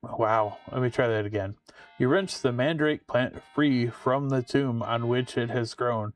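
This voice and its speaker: A man's voice: medium pitch, measured pace, far from the mic, soft background music. A man casually commenting on his own game playthrough. He reads the game's text aloud and adds joking asides. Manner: offhand, chatty, joking asides. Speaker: game streamer.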